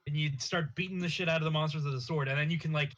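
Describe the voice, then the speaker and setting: A man on a casual gaming podcast, talking in a relaxed, hesitant way with many fillers. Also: on the high side, rapid-fire. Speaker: podcast co-host. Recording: dull lo-fi sound.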